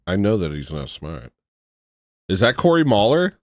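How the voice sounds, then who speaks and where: A man hosting a livestream, talking in a low voice that swings widely in pitch as he jokes, mocks and laughs his way through a video. His sound is close and dry, with no room around it. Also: big pitch swings, moderate pace, no echo. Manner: joking, sarcastic, laughs often. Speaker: livestream host. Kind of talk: casual reaction commentary.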